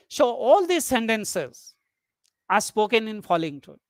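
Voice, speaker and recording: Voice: medium pitch, big pitch swings, slow pace, no room sound. A lecturer giving a methodical webinar lecture, restating each point and speaking example sentences aloud to demonstrate them. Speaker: lecturer on English intonation.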